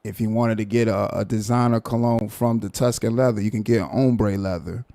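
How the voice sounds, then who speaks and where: A man hosting a live stream, ranting in a mocking, animated way and repeating his points. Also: fairly low pitch, normal speed, no echo. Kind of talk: casual commentary rant.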